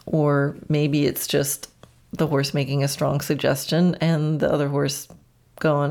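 A woman hosts her own horse-training podcast, talking through ideas in a relaxed, reflective way and laughing often at herself. Her voice sits notably low for a woman, warm and conversational. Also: a little slow, gravelly. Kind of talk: solo podcast talk.

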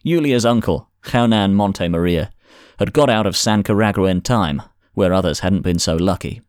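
Male audiobook narrator, low, measured storytelling, dry studio read. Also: a little mellow, dry recording.

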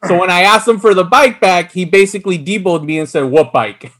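A man hosting a podcast, telling a story in a relaxed, casual way with easy swearing and frequent laughs. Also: sits high, fast, no room sound. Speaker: podcast host. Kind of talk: casual chat.

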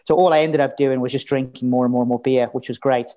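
A man chatting as a podcast guest, candid and easygoing. He tells stories at an everyday middle pitch and drops the odd swear word. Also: fairly even intonation, fast, warm tone, faint music behind. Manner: candid, storytelling, swears casually. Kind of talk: casual interview chat.

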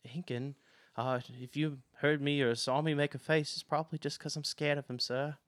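A man's voice: a little high, fairly even intonation, moderate pace, no room sound, clean studio sound, pitched above the performer's own voice, close to an everyday voice. A man voicing a timid, nervous young male sweeper who stammers.

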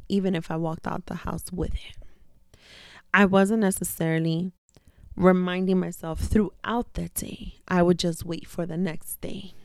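A woman hosts her own podcast in a candid, chatty monologue, stacking repeated phrases for emphasis. Her voice sits low with a gravelly edge. The sound is dry and close. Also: a little mellow, dry recording. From daughter of immigrant parents. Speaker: podcast host. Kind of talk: casual personal monologue.

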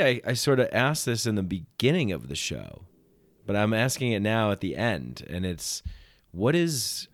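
A man's voice: lowish voice, no echo, studio quality. A man hosting a podcast, talking in an earnest, reflective way in casual conversation. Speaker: podcast host.

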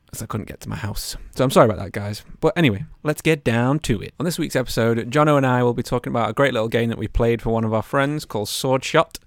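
A man hosting a podcast in casual chat, jokey and playful, swearing casually. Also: mid-range voice. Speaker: podcast host.

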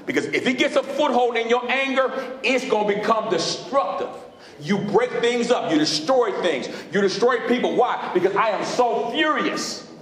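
High-voiced preaching man in an echoey hall. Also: expressive, moderate pace, a bit bright. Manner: call-and-response preaching, asks the congregation questions. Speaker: pastor. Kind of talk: sermon. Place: church sanctuary.

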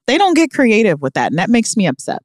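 A woman co-hosting a podcast in casual chat, animated and jokey, sometimes dropping into mutters and whispers. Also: fairly high pitch, quick pace, no echo, studio quality. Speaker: podcast co-host. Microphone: studio microphone.

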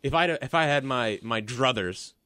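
A man in his twenties co-hosting a sports podcast, opinionated and quick, with lots of casual fillers. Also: mid-range voice, expressive, pushed and bright, clean tone, no room sound, clean studio sound. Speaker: podcast co-host.

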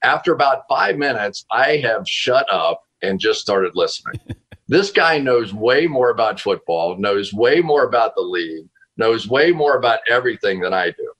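A man being interviewed as a football analyst over a video call from home, telling a story in a casual, animated way with frequent laughs and restarts. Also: medium pitch, normal speed, slightly rough, poor audio.

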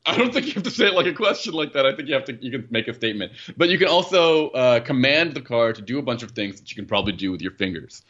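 Guy rambling about a car review, bright voice, kinda muffled lo-fi audio. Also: medium pitch, very animated, quick pace, few pauses. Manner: rambling, self-correcting, laughs at own jokes. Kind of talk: casual podcast chat.

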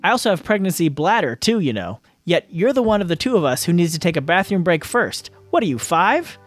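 A sharp-tongued, sarcastic pregnant young woman trading barbs with an old friend, as a man reading the story voices her. Her voice sits a little high. She sounds defensive and teasing, and faint music plays behind her. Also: sing-song, brisk, no room sound. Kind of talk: audiobook reading.

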